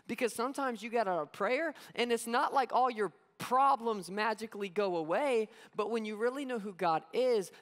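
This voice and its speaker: A man's voice: sits high, fairly bright tone. A man preaching a sermon as pastor, conversational and storytelling, acting out quotes. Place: church sanctuary. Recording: long hall reverb.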